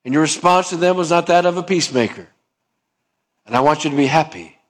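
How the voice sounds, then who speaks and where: A man's voice: fairly high pitch, fast. A man preaching a sermon in a conversational way, asking his listeners questions and acting out little dialogues. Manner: conversational, asks the congregation questions; acts out dialogue to illustrate points. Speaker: pastor.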